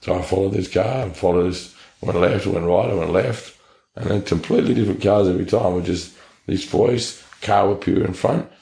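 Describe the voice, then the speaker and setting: Deep gravelly Australian man. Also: a little fast, dark tone. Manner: blunt, earnest storytelling with slang. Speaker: interview guest. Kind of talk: personal testimony. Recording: echoey room.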